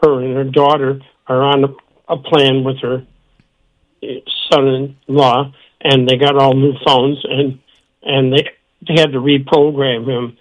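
A man calling in to a radio show, fighting the hiccups and talking haltingly with many restarts. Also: mid-range voice, level tone, low-quality recording. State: has the hiccups. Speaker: caller. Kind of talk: call-in phone chat.

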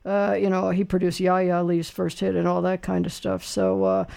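A man's voice: sits high, moderate pace, vocal fry, darkish tone. A man hosting a radio call-in show, chatting casually with callers and running a trivia quiz in a rambling, folksy way full of fillers.

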